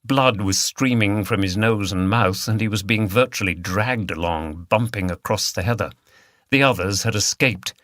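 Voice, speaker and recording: A man narrating an audiobook in a steady, measured reading style. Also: on the low side, dry recording, clean studio sound. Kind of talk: scripted narration.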